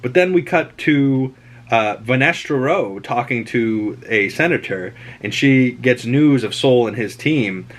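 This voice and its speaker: A man with a Boston accent hosts a casual show recap. He rambles and gets animated, acting out lines from the episode as he goes. His voice sits at an ordinary middle pitch. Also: unhurried.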